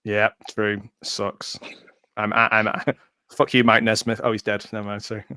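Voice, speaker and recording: A man's voice: on the low side, completely flat delivery, moderate pace, pushed and bright, clear, resonant tone, no room sound. A man co-hosting a movie commentary stream, chatting casually and laughing often. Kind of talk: casual chat.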